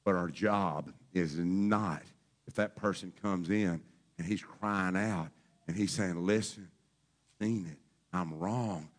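A man preaching a fervent sermon as pastor, speaking straight to his congregation in folksy phrasing and moving between quiet talk and shouting. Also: sits low, slow.

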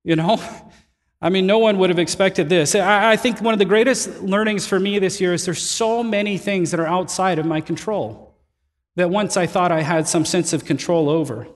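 A man preaching with a fairly high voice, telling his stories in a relaxed, chatty way and often poking fun at himself. His voice rings out with a long reverb tail, like a large hall. He sounds like a pastor talking to his congregation. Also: normal speed. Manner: conversational storytelling, animated and self-deprecating. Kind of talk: sermon.

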